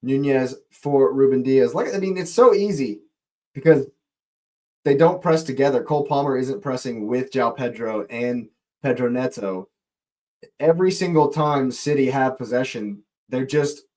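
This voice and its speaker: In a live watch-along, this man offers fan play-by-play while talking to and greeting viewers in the chat. Near chances send his voice leaping up excitedly. He speaks in a mid-range voice at a measured pace.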